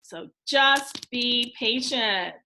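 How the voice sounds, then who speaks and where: A woman teacher leads a recorded phonics lesson for young children, encouraging them and sounding out every word clearly. Her voice is bright and fairly high, and she talks very slowly so the children can keep up. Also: a little hiss or hum. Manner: slow, encouraging, clearly enunciated. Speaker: elementary school teacher.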